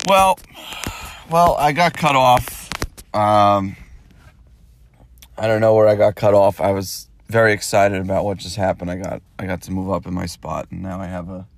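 A man's voice: sits low, completely flat delivery, normal speed, creaky, slight background noise. An American man hosting a podcast, talking in a loose, rambling monologue, often repeating himself and swearing when he gets worked up. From United States. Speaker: podcast host.

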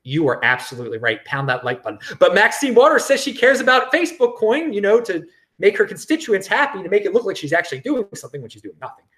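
Talking fast with big pitch swings, a man with a high, slightly bright voice runs his crypto livestream show. He rambles sarcastically, restarting often and chuckling as he comments.

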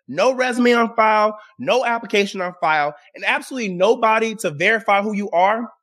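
A man's voice: sits high, a bit bright. A man hosting his own show, giving casual opinion commentary in a sarcastic, exasperated way and addressing his audience directly. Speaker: show host.

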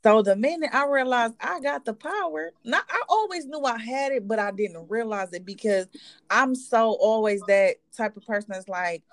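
A woman's voice: fairly high pitch, expressive, moderate pace, no echo. A woman co-hosting a podcast in casual chat, talking loosely and profanely and laughing often, a little tipsy. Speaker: podcast co-host. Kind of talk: casual chat among friends.

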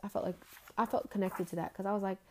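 A woman's voice: medium pitch, little pitch movement, quick pace, a little hiss or hum. Earnest rambling young woman. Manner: earnest, rambling, full of "like" fillers. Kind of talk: casual faith vlog.

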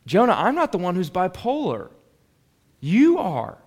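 A male pastor preaching a sermon in an animated, conversational way and reading scripture aloud. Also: high voice, unhurried.

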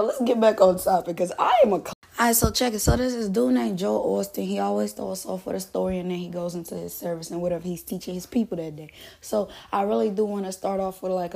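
A woman in her twenties hosts a podcast in a loose, casual monologue. Her voice is gravelly with a husky, breathy edge. She swears freely, laughs often and keeps the story rolling. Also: mid-range voice, a little mellow. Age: 20s. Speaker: podcast host.

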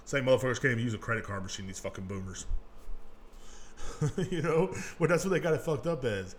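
A man's voice: mid-range voice, lively intonation, fairly quick, long pauses. A man hosting a casual podcast, ranting in a profane, rambling way and mocking people in put-on voices. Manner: gets loud and worked up. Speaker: podcast host. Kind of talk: casual rant.

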